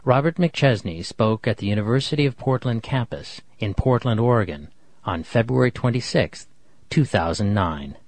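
A man hosting a radio program, reading a formal, measured announcement. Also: medium pitch, animated, darkish tone. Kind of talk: scripted broadcast announcement.

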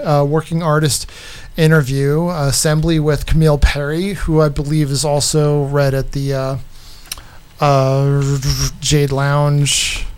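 Smooth-voiced man announcing events hesitantly. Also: fairly high pitch. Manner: halting, many fillers and restarts. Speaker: radio host.

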